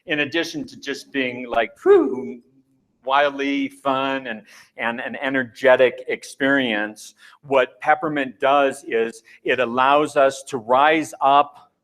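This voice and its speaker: A man's voice: mid-range voice, steady tone, takes it slowly, a bit bright. Man, middle-aged, conference speaker, live talk, playful and candid, pokes fun at himself. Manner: playful, candid, self-mocking.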